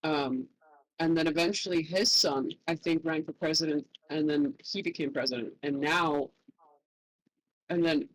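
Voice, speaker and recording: A guest talking casually and hesitantly, with many pauses and filler words. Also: mid-range voice, steady tone, no echo, rough recording. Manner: hesitant, full of ums and trailing off. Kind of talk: casual chat.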